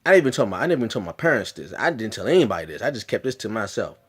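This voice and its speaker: A man's voice: on the low side, big pitch swings, rapid-fire, breathy edge. Earnest man telling a personal story. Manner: earnest, emphatic, frequent restarts and repetitions. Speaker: vlogger.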